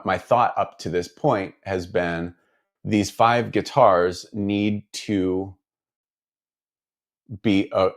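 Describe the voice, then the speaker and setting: Low-voiced man rambling in his workshop. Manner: rambling, self-deprecating, lots of fillers and restarts. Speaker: guitar builder. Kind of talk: casual chat while working. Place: guitar workshop.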